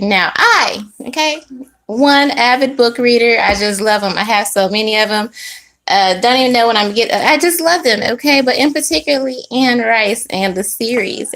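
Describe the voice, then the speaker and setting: A woman's voice: on the high side, a bit bright. A woman giving a casual tarot reading to her channel, sassy and chatty, full of slang, asides and laughs. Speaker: tarot reader.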